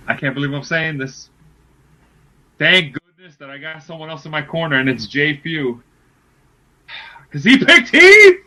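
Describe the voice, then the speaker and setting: A man co-hosting a casual podcast, making wrestling predictions and talking in excited, emphatic bursts that repeat words. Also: a little high, low-quality recording. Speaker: podcast co-host.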